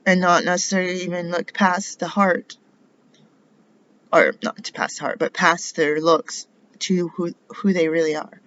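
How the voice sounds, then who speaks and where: A woman's voice: lowish voice, little pitch movement, a little slow, fairly bright tone, muffled recording. A middle-aged woman from the United States in a rambling personal monologue, indignant and full of rhetorical questions. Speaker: vlogger.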